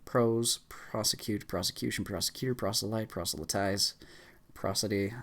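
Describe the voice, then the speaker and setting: A man's voice: fairly low pitch, fairly bright tone. Man rattling off words at speed. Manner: rattling off words fast with frequent stumbles and restarts. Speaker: YouTuber. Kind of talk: rapid list reading for a speedrun challenge.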